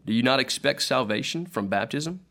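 A stern male court official poses formal, probing questions to a prisoner, as a man reads him out in his own voice. The pitch sits in the middle range for a man. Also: lively intonation, normal speed, gravelly, a bit bright. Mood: interrogating.

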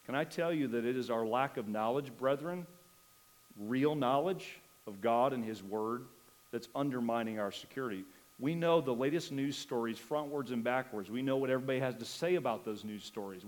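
A man's voice: mid-range voice, brisk, poor audio. A man preaching as a pastor in a church, earnest, asking rising emphatic questions and slipping in light humor. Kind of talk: sermon. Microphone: microphone.

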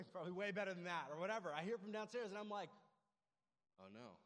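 Young male pastor, slightly high voice, chatty storytelling sermon, long hall reverb. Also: very fast, a bit bright. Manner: casual, storytelling, frequent "like" and "right?". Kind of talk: sermon with personal stories.

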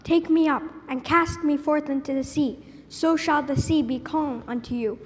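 A preacher voicing a solemn male runaway prophet, speaking in a grave, measured way. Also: extremely high pitch, fairly even intonation, in a large hall, pitched above the performer's own voice.

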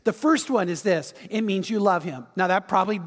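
High-voiced animated male pastor. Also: a little fast, long reverb tail. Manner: animated storytelling, acts out quotes, urges the audience. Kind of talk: sermon.

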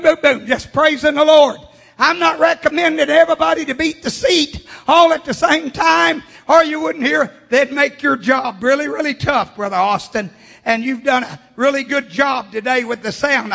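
High raspy preacher in an echoing church. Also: male voice. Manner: fervent, swings from hushed to shouting. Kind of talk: sermon. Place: church sanctuary. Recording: long church reverb.

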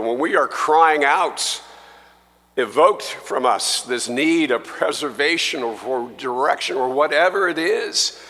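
A man preaching a sermon as pastor, slow and emphatic, rising in force when he quotes scripture. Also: on the high side, bright, forceful tone. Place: church sanctuary. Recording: long church reverb.

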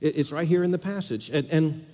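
A man preaching a sermon with strong emphasis, repeating phrases and swinging between loud declarations and quiet asides. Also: fairly high pitch, fairly quick, big-room sound.

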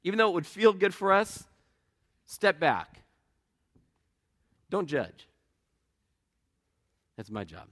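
A middle-aged male pastor delivers his sermon in an earnest, conversational manner. His voice sits a little higher than most men's. He moves easily between rhetorical questions and personal stories. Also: sing-song, takes it slowly, pauses often, a bit bright.

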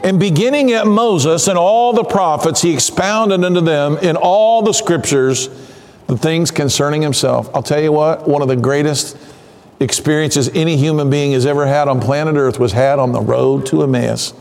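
A man with a high voice preaches in a conversational, earnest way. He pauses, sighs and leans into the story. His words ring out with a long echo, like a sanctuary. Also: darkish tone. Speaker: pastor. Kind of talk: sermon.

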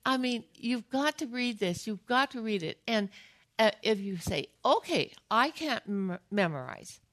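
A woman's voice: a little high, expressive, unhurried, a bit bright. An older woman giving a heartfelt devotional talk on scripture, earnest and emotional, repeating phrases for emphasis. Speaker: Bible teacher.

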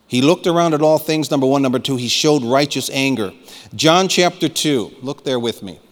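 A man preaching a fiery sermon as pastor, rising to shouts and calling for amens. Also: mid-range voice, moderate pace. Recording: long hall reverb.

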